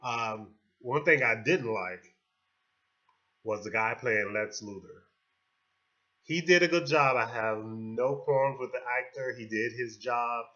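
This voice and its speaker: A man's voice: mid-range voice, slow pace, sharp tone, highs cut off. A man giving a casual, rambling movie review full of fillers and restarts.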